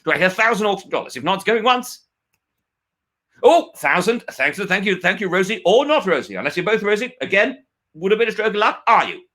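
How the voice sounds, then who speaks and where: A man's voice: high-pitched, sing-song, brisk, sharp tone, low-quality recording. A man hosting a comic online auction, bumbling and hesitant with many fillers but playful. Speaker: comedy auctioneer host.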